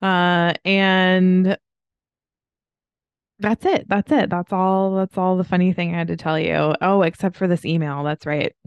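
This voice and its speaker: A woman's voice: lowish voice, flat delivery, a little slow, clear, resonant tone, no room sound, highs cut off. A woman in her thirties hosting a podcast, telling stories in a casual, chatty way and laughing often. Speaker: podcast host. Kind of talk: casual chat.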